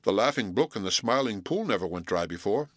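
A man voicing a touchy young male muskrat in a storybook, quick to snap. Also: fairly low pitch, lively intonation, a bit bright, no room sound, clean studio sound. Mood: snappish. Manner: snappish, questioning.

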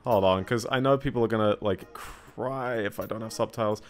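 A man with a fairly low voice streams a game, talking briskly over quiet background music. His casual commentary rambles along, packed with filler words and little laughs, picked up by a desk microphone.

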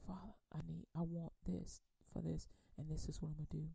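A woman teaching a Bible study in a conversational preaching manner, repeating words and using folksy phrasing, then reading scripture slowly and with emphasis. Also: sits low, flat delivery, gravelly, dark tone, slightly rough, no room sound. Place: radio program.

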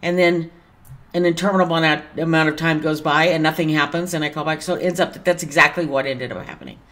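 A woman with a slightly low voice talks to camera as a tarot reader. She is chatty and wanders from point to point, with mild cursing along the way. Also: steady tone, fast talker, a bit bright. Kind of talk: casual vlog monologue.

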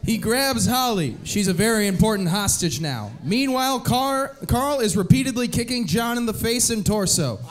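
A man's voice: high voice, animated, moderate pace, hardly any pauses. A man narrating stage directions in a comedic live script reading, often breaking into giggles. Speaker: narrator and host.

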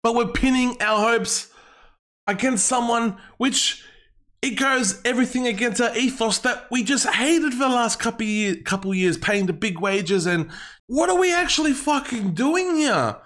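A man's voice: extremely high pitch, lively intonation, normal speed, a bit bright. A young man venting as a football fan vlogger, heated and emphatic, swearing hard and repeating himself. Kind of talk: angry fan rant to camera.

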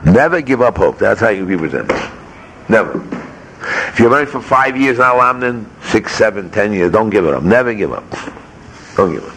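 In a yeshiva study hall, a rabbi gives a Torah lecture, speaking emphatically, firing off rhetorical questions, and mixing Hebrew terms into his English. His lowish voice swings widely in pitch, with a fairly bright tone, moderate pace, and long pauses. A little hiss or hum is audible.

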